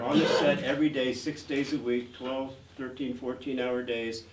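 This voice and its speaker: A man's voice: mid-range voice, steady tone, moderate pace, few pauses. A man in his sixties, an actor guest telling stories in an interview, rambling with lots of "uh" fillers. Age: 60s. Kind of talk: anecdotal interview storytelling. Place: art gallery event. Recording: roomy, distant mic, faint noise.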